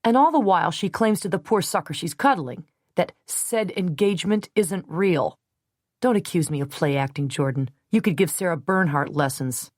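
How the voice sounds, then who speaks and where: Brief: hot-tempered thirtysomething man, voiced by a female narrator, blunt, forceful, dry close read. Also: lowish voice, expressive, moderate pace, no room sound. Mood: angry, heated. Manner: blunt, forceful, sometimes scornful. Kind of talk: audiobook character reading.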